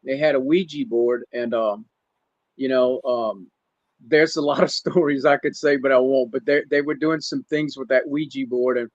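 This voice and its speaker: A man telling a personal story in a casual podcast chat, halting and emotional, with many restarts. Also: mid-range voice, steady tone, no echo, muffled recording. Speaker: guest. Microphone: remote stream call.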